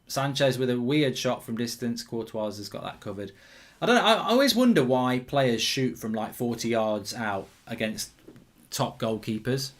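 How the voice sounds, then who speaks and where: A man's voice: medium pitch, expressive, normal speed. Chatty man hosting a football watchalong. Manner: chatty, reads viewer comments aloud, many ums and restarts. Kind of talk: casual live-stream chat and commentary.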